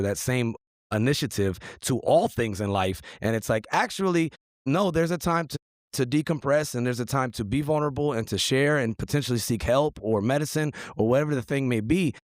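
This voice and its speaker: A man's voice: mid-range voice, dry recording, clean studio sound. A man hosting an interview conversation, speaking in an earnest, emphatic way. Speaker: host.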